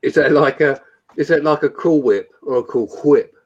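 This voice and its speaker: A man's voice: fairly high pitch, normal speed, slightly rough, highs cut off. A man in a casual chat, jokey and swearing, laughing often. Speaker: chat participant.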